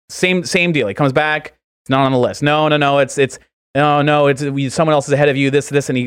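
A man's voice: medium pitch, dry recording, studio quality. A man co-hosting a podcast, telling a long joke in a rambling style full of fillers. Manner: rambling, filler-heavy storytelling. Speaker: podcast co-host.

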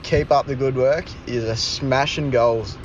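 A man's voice: medium pitch, steady tone, slow, highs cut off, slight background noise. An Australian man leaving a friendly, encouraging voice message. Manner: encouraging, matey. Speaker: caller sending a voice message.

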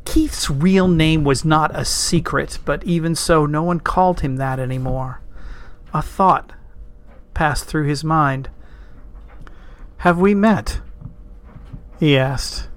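A man narrating a storybook in a measured, lightly wry way. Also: fairly high pitch, fairly even intonation. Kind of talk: storybook reading.

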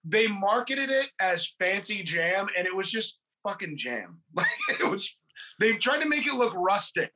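A man's voice: sits high, very animated, unhurried, noisy background. A man from California co-hosting a podcast, chatting casually, rambling, swearing and laughing. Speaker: podcast co-host. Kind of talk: casual chat about a film.

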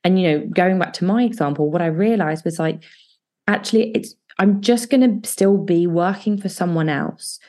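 A woman hosting a solo advice podcast as a coach, talking listeners through fear with reassuring words and slow guided breathing exercises. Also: lowish voice. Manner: warm, reassuring self-help delivery with slow guided breathing passages.

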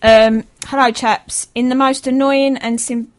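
A woman's voice: high voice, level tone, measured pace. Chatty female radio co-host. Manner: chatty, laughing, hesitant. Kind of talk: casual radio chat, reading emails.

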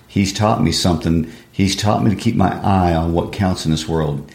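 Guy reading as a bitter cynical grown man, low voice, echoey room. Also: moderate pace, vocal fry, darkish tone.

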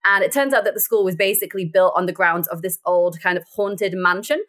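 A woman's voice: lowish voice, brisk, fairly bright tone. A young woman, an actor, telling stories in a casual interview and laughing often. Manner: bubbly, laughs often, chatty storytelling. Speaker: actor and guest.

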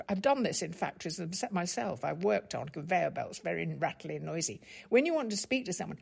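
Gravelly older woman, articulate and measured. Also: on the low side, sing-song, a little mellow. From England, Stockport. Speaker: guest, broadcaster. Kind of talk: reflective interview conversation.

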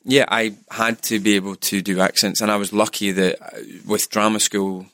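A Scottish man, middle-aged, talks about his work in a low, easy voice. He tells anecdotes with energy and lively quoted exchanges. The sound is close and dry, with no room around it. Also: normal speed, no room sound. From Scotland. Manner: animated storyteller, acts out quoted voices. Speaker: actor guest. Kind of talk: casual interview chat.

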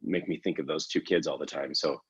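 Deep husky man, chatty host. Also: fairly even intonation, a little fast, muffled recording. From Canada. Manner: rambling, self-correcting, laughs often. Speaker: podcast host. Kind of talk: casual chat.

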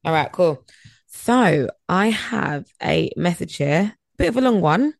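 A woman in her late twenties chats and giggles as a podcast co-host, her voice sitting a touch low with a gravelly, creaky edge. She sounds close and dry, with no room around her. The call sounds remote. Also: expressive, takes it slowly, no room sound. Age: late 20s. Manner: giggly, reads listener messages aloud. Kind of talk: casual chat.

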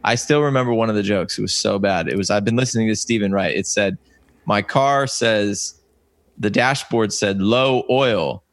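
A man's voice: fairly low pitch, normal speed, dry recording. A man in his thirties, a comedian, telling stories in a casual chat, rambling and stopping himself with many fillers. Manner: rambling, self-interrupting anecdotes with many fillers. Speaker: comedian guest.

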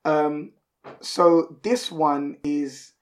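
A man's voice: a little high, steady tone, extremely slow. A man hosting a podcast in casual chat, eager and repeating himself as he talks. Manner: eager, repeats words and fillers. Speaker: podcast host.

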